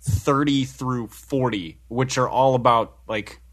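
A man's voice: mid-range voice, slow pace, fairly bright tone. A man co-hosting a podcast, joking in sardonic, self-mocking casual banter. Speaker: podcast co-host.

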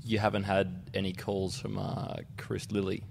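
A man co-hosting a podcast, speaking in halting starts with many hesitations. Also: deep voice, level tone, vocal fry, darkish tone, husky. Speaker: podcast host. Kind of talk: casual chat.

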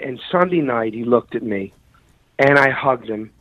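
A middle-aged man, a radio show guest telling a painful story in a halting, repeating way, choked with grief. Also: mid-range voice, fairly bright tone, no echo. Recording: muffled radio broadcast.

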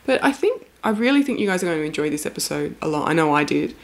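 A woman's voice: sits low, big pitch swings, fast. A woman hosting a casual podcast chat, talkative and laughing often, a little spaced out. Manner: chatty, laughs often, reads listener offers. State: a little medicated, sounds spaced out. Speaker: podcast host.

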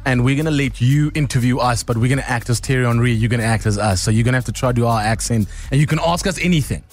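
A man's voice: medium pitch, racing. A man co-hosting a radio show, chatting in a playful way and laughing often. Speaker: radio co-host. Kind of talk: casual radio chat.

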